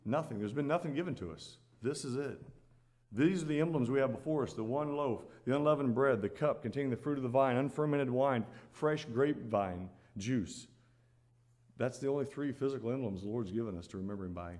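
A man's voice: medium pitch, a little fast, darkish tone. A man preaching a sermon at the Lord's table, earnest and repeating phrases for emphasis, rising to exhort his listeners.

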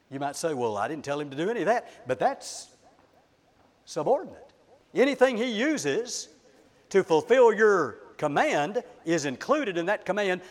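A man preaching a sermon, emphatic and swinging between loud declarations and soft asides. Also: fairly high pitch. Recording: long hall reverb.

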